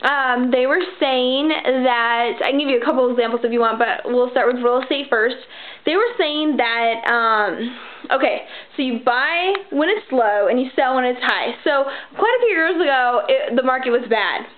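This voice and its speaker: High-voiced woman rambling on a tinny line. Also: normal speed, slight background noise. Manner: rambling, many fillers and restarts; acts out quoted people in her story. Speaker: vlogger giving financial advice. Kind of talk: casual chat. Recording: tinny phone-like sound.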